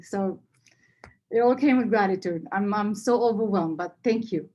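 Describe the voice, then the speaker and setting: A woman's voice: mid-range voice, moderate pace, warm tone, lo-fi sound. A woman leading a nonprofit, giving an earnest, heartfelt annual meeting speech and fighting back tears. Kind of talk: emotional speech to members.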